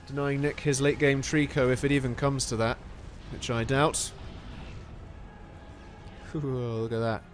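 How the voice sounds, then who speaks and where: A man giving excitable, animated play-by-play commentary on a strategy game. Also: medium pitch, unhurried, long pauses, a little hiss or hum.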